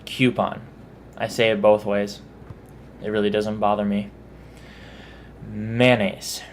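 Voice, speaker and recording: Texan guy, slow easy talk, lowish voice, vlogging about how he says words. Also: monotone, slight background noise. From Texas. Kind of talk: casual accent-tag vlog.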